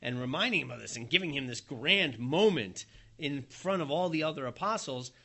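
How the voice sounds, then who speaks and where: A man preaching a sermon, telling the story in a lively way with a chuckle here and there. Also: medium pitch, brisk.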